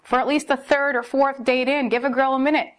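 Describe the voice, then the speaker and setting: A woman's voice: high-pitched, brisk. Exasperated young woman telling a dating story. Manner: exasperated, animated storyteller who repeats "like" and "seriously". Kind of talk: casual storytelling vlog.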